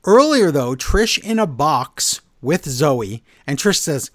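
A man's voice: on the high side, takes it slowly, no echo, clean studio sound. A man co-hosting a podcast, recapping wrestling shows in a casual, exasperated and mocking way. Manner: animated, exasperated, mocking the quotes.

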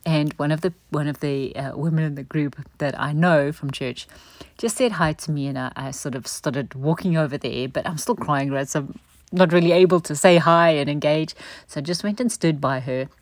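A woman tells a candid personal story in a low voice. She often checks in with a quick "right?". The sound is dry and close, with no room. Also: no room sound. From South Africa. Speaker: church member sharing a testimony. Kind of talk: personal testimony talk.

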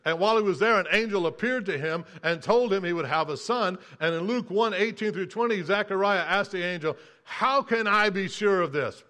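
Male pastor, high and bright, preaching earnestly with some restarts. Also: fairly quick, hardly any pauses. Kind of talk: sermon.

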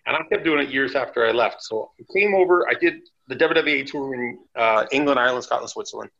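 A man, a former wrestler, telling chatty, animated anecdotes as a guest on a podcast interview. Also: medium pitch, quick pace, creaky, dull audio. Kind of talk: casual storytelling interview.

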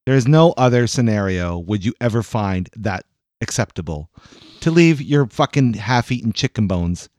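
A man's voice: lowish voice, lively intonation, normal speed, a little mellow, no room sound, studio quality. A man co-hosting a podcast in casual chat, blunt and swearing freely. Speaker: podcast co-host.

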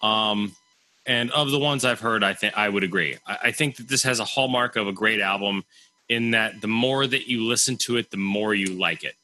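A man's voice: on the low side, normal speed, sharp tone, low-quality recording. A man co-hosting a podcast over a video call from home, chatting casually and often repeating words as he starts sentences. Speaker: podcast co-host. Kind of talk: casual chat.

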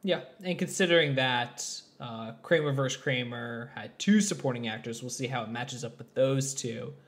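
A man's voice: medium pitch, normal speed, a bit bright. A man co-hosting a podcast, chatting casually about films in a rambling, joking way. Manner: rambling, lots of fillers and restarts, joking. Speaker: podcast co-host. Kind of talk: casual film review chat.

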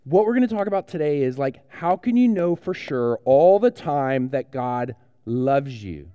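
A man gives a children's sermon, joking with the kids in a loose, conversational way. His voice is mellow and warm rather than bright, and it sits at an ordinary middle pitch. The sound is dry and close, with no room echo. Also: expressive, unhurried, clear, resonant tone, highs cut off. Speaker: pastor.

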